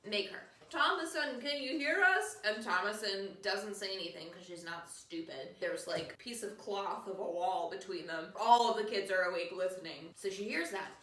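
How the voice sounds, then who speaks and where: Bright-voiced woman with a sarcastic movie recap. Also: on the low side, moderate pace, hardly any pauses, echoey room, recorded from a distance. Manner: chatty, sarcastic, acts out character voices. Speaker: podcast host.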